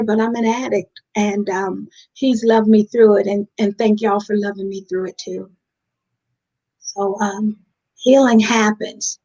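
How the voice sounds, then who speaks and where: A woman's mid-range, darkish voice comes through dull audio. She's a guest in recovery giving a candid interview, earnest and heartfelt, and she refers to listeners as "y'all."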